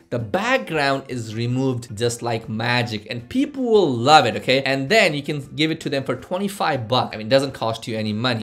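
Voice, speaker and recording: A man's voice: mid-range voice, a bit bright. A man hosting his own channel, giving a casual, hyped-up how-to talk full of punchy rhetorical questions. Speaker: online-business channel host.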